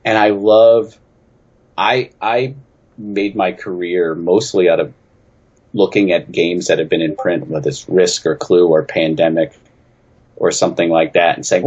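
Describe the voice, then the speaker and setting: Husky low-voiced man from New England. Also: moderate pace, a little mellow, muffled recording. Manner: chatty, self-deprecating, snarky. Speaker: game designer guest. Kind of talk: casual interview answers.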